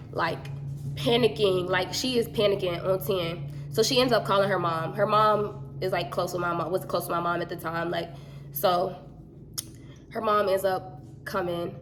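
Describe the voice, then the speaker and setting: A woman telling a story in a casual chat, animated and slangy. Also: medium pitch, moderate pace, background noise.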